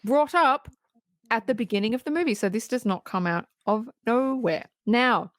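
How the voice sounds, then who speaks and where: A woman co-hosting a podcast, casually recapping a film in animated detail, acting out the characters' lines and swearing freely. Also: on the high side, moderate pace, no room sound, clean studio sound. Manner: animated storytelling, acting out quoted lines, frequent laughs and swearing. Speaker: podcast co-host.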